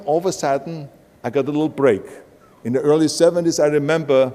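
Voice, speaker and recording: A man's voice: fairly high pitch, fairly even intonation, a little fast, a little mellow, a little hiss or hum. An older man from Austria with a heavy Austrian German accent, giving an emphatic motivational speech full of punchy anecdotes. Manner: emphatic storytelling, punchy lines. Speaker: keynote speaker. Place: large event hall. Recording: long hall reverb from a live stage.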